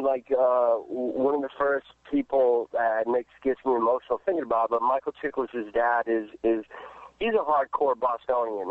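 A man's voice: mid-range voice, dry recording. Man, actor guest on a phone line, rambling with fillers, tinny dry sound. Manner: rambling, many restarts and fillers, laughs often. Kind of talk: casual interview answers.

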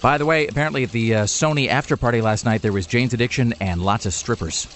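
A man hosting a talk radio show, riffing in quick, sardonic, rambling asides. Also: medium pitch, slight background noise. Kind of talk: irreverent talk radio banter. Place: radio studio.

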